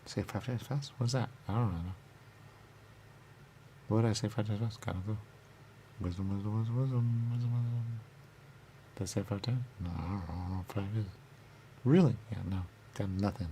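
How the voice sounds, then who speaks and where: Low gravelly man musing to himself. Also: fairly even intonation, a little fast, pauses often, warm tone, a little hiss or hum. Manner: circular, repetitive musing with sudden whispers. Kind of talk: rambling self-dialogue, asking and answering himself.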